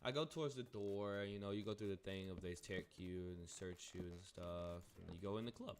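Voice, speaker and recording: A man's voice: deep voice, normal speed, a little hiss or hum. A young man casually telling a rambling, profane story while playing a game. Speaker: gaming streamer.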